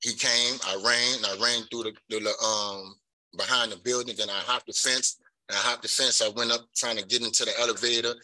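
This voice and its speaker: A man's voice: medium pitch, fairly even intonation, a little fast, bright, forceful tone, rough recording. A middle-aged man gives rambling, earnest testimony at a parole hearing, filling his account with "you know.". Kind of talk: pleading testimony.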